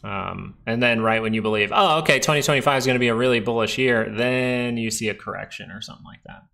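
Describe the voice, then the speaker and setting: A young man hosts a live stock market stream, chatty and joking as he talks right to the viewers in the chat. His voice has a gravelly, creaky edge at a middle pitch. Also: quick pace, bright, forceful tone. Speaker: stock market livestream host.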